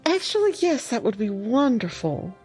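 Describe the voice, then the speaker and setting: Lively, playful woman role-playing. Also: on the high side, moderate pace, breathy edge, soft background music. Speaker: player. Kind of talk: tabletop role-play, in-character flirting.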